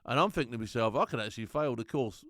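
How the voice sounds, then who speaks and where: A middle-aged man telling animated, slangy stories as a former soldier and laughing often. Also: medium pitch, quick pace, no room sound, clean studio sound. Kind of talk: casual anecdote.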